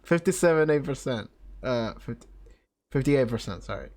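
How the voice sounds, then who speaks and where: A man's voice: medium pitch, animated, normal speed, a little mellow. A man streaming a video game, giggling and reading the on-screen text aloud in casual commentary. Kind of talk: casual let's-play commentary.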